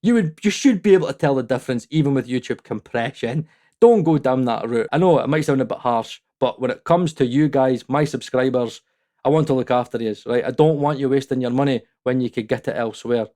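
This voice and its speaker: A man's voice: mid-range voice, fairly quick, warm tone. A man hosting his own audio-mixing channel, giving a blunt, heated, opinionated review, swearing freely and laughing at himself now and then. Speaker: mixing engineer and channel host.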